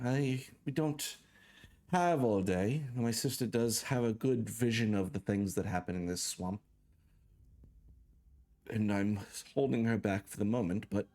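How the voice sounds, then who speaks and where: A man's voice: medium pitch, darkish tone, natural voice. A man, the dungeon master, voicing a scheming old female swamp hag who talks in an impatient, commanding way.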